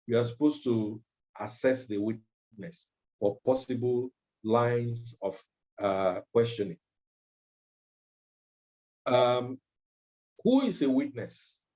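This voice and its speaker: A man delivers a training lecture at an unhurried, deliberate pace and fills his pauses with ums. His voice is dark and mellow. The recording sounds dull and lo-fi. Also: mid-range voice. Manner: measured, with frequent ums and uhs. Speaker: legal trainer.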